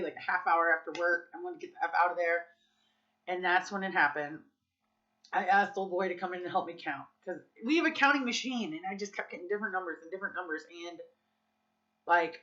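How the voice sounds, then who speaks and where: A woman's voice: on the low side, bright, forceful tone, dull audio. A woman vlogging in a candid, casual confessional chat, swearing freely and saying "like" and "dude" a lot. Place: Las Vegas.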